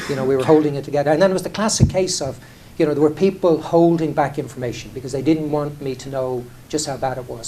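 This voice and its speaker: The voice here is fairly high and darkish, with a little hiss or hum: a middle-aged airline chief executive from Ireland telling candid, self-mocking anecdotes on stage. He talks conversationally, often restarting and saying "you know".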